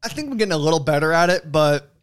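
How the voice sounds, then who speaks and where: A young man hosts a podcast in loose, rambling chat, swearing freely as he tells stories. His voice sits a little high for a man, and his pitch swings widely from line to line. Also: quick pace, clean tone. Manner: rambling, profane, animated storytelling. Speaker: podcast host. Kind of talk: casual chat.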